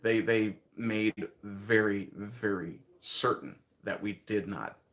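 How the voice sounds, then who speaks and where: This time the Newfoundland streamer talks slowly, his lowish voice carrying a fairly bright tone. He chats casually with viewers in a light Newfoundland accent, rambling along, chuckling, and thinking aloud.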